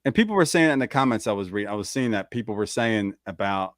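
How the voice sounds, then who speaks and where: A man's voice: fairly low pitch, animated, quick pace, no room sound, clean studio sound. A man co-hosting a casual chat show, reacting with frequent exclamations. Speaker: podcast co-host.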